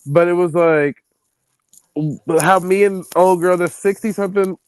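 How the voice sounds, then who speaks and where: A man hosting a stream, telling travel stories in a casual, animated and profane way. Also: high voice, measured pace, clear, resonant tone, no echo, rough recording. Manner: animated, profane, acts out quoted people. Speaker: stream host. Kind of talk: casual storytelling chat.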